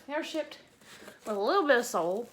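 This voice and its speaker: Woman, Tennessee accent, young adult, gushing, chatty, fairly high voice. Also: expressive, brisk, a little hiss or hum. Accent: Southern US, Tennessee. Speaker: plant YouTuber. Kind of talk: casual vlog unboxing.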